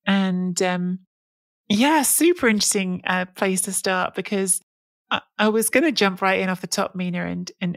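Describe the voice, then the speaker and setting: A woman co-hosting a podcast, talking in a loose, rambling way and often restarting her sentences. Her fairly low voice has a gravelly edge, and the sound is dry and close with no room around it. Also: no room sound. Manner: rambling, with frequent restarts and fillers. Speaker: podcast co-host. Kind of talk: casual podcast chat.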